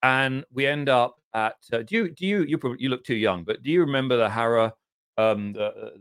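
A middle-aged man from southern England with an English accent, a podcast guest telling long, self-deprecating anecdotes in casual conversation and often clearing his throat. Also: medium pitch, fairly quick, fairly bright tone, dry recording, studio quality. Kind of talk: casual interview storytelling.

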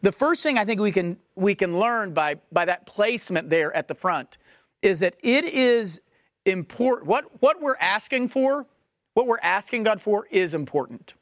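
A man's voice: high voice, lively intonation, normal speed, dry recording, clean studio sound. A man preaching a sermon, emphatic and questioning, repeating phrases for stress. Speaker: pastor.

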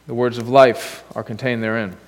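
A man's voice: medium pitch, little pitch movement, normal speed, long reverb tail. A man preaching a sermon in a church as pastor, conversational, with asides and rhetorical questions. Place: church sanctuary.

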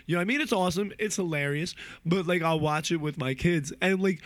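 A man's voice: fairly high pitch, fast, dry recording. A man from New Jersey in a casual rant, rambling with lots of fillers and swearing. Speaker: movie reviewer.

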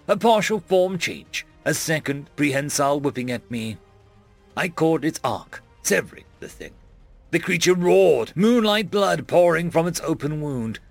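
A man narrating a web serial in first person, dramatic and expressive, dropping to a hush at pauses. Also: fairly high pitch, creaky, no echo. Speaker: audiobook narrator.

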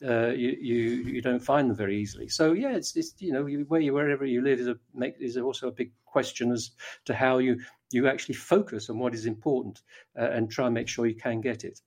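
A man's voice: mid-range voice, a little fast, darkish tone. An older man, a guest in an interview, talking at length with many fillers, restarts and a lost train of thought. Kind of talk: conversational interview.

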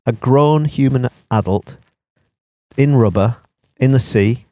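A man's voice: mid-range voice, slow, mellow, no echo. A man co-hosting a casual podcast who talks in loose, rambling sentences, thinking aloud as he goes. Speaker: podcast co-host.

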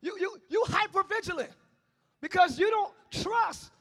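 Man, pastor, sermon in a church, very high voice, bright ringing tone. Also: a little slow. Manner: preaching with call-outs, shifting between shouting and low tones. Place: church sanctuary.

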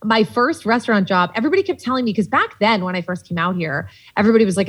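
A woman from Boston telling animated, profanity-laced stories as a podcast guest, with lots of "like" fillers. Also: on the low side, fast, few pauses, husky. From Boston, USA. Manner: animated, swears freely, many "like" fillers. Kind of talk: casual storytelling chat.

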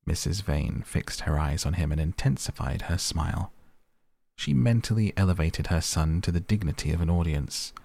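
A man narrating a classic novel as an audiobook reading, measured and even. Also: sits low, gravelly.

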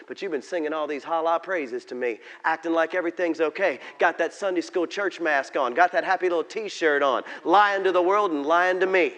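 A preacher voicing a blunt scolding God. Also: male voice, mid-range voice, fairly bright tone, long reverb tail, lightly acted.

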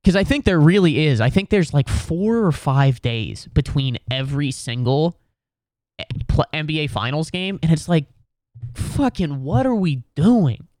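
A man's voice: a little high, animated, unhurried, a little mellow, no room sound. Man of 30, podcast host, sarcastic profane rant, dry close sound. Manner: profane, sarcastic, mocking put-on voices. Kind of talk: solo comedic sports rant.

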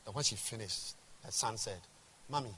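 A man, a bishop, preaching a sermon to a large congregation, emphatic and rhetorical, swinging from quiet asides to shouts. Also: a little high, expressive, moderate pace, slight background noise. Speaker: bishop and pastor. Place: large church hall. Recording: reverberant church hall.

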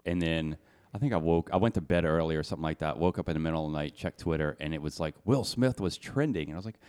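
A man with a deep, low voice banters as a podcast co-host. He is offhand and jokey, with casual swearing and a shrugging tone. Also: fast talker, a little mellow, smooth.

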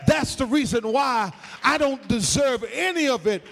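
A man preaching in a church, his voice pitched very high and swinging widely in melody. He moves between rhythmic, sing-song phrasing and full shouts. A long reverb trails behind him in the hall. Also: lively intonation, normal speed, vocal fry, slight background noise. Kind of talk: sermon.

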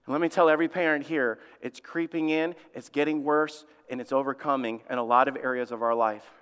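A middle-aged man preaching a sermon as lead pastor, swinging between animated exclamations and hushed warnings. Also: mid-range voice, a little fast, smooth, long reverb tail.

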